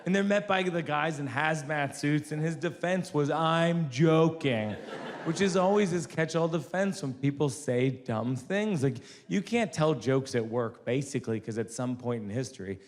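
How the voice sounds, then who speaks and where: A man in his forties doing conversational stand-up storytelling on a theater stage, wry and building to loud punchlines. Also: on the high side, normal speed, hardly any pauses. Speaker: stand-up comedian. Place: theater stage before an audience. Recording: long hall reverb, audience noise.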